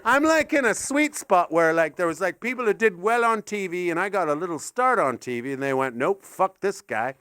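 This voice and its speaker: A Canadian man performing stand-up comedy on stage, animated and swearing, slipping into silly voices. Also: sits high, brisk, few pauses, clear, resonant tone, dry recording, clean studio sound.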